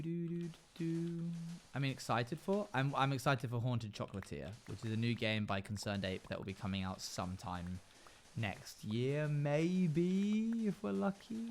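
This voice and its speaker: A man's voice: mid-range voice, darkish tone, slight background noise. A male live streamer chatting casually and playfully, often humming and scatting between remarks. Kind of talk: casual chat while gaming on stream.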